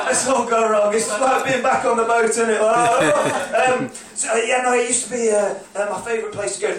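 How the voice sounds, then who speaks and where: A man's voice: sits high, slight background noise. Stand-up man, echoey room, far off. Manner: rambling storytelling, acts out drunk clubbers in shouted bursts. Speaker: stand-up comedian. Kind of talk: stand-up comedy set. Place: comedy club stage, live audience. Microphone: phone recording from the audience.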